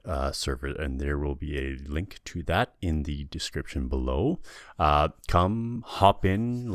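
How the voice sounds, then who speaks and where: A man co-hosts a gaming podcast in halting, unhurried chat. His voice is extremely deep and he speaks slowly. The recording is dry and close. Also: no room sound. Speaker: podcast co-host. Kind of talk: casual chat.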